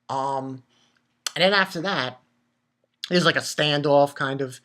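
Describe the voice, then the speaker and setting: Male anime reviewer, casual recap, excitable, profane, stumbles and repeats words. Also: on the high side, slow, pauses often.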